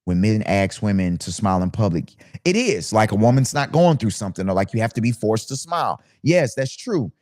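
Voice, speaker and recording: A man's voice: lowish voice, very animated, a little fast, hardly any pauses, a little mellow, no room sound, studio quality. A man who works as a DJ, talking casually to camera in a ranting monologue full of rhetorical questions.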